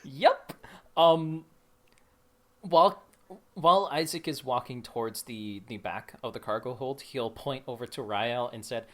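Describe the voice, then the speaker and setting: A man playing a tabletop game, talking in a relaxed, friendly way. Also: mid-range voice, measured pace. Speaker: player.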